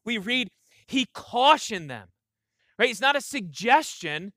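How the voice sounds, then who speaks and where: A man's voice: very high voice, very animated, takes it slowly, sharp tone, no echo, studio quality. A man preaching a sermon, earnest and emphatic, often repeating himself and checking in with "right?". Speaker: pastor.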